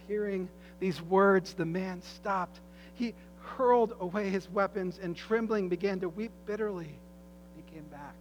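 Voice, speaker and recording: A man preaching a sermon, telling a story with dramatic voiced quotes that swing from loud to soft. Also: sits high, a little slow. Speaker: pastor. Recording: faint mains hum, long hall reverb.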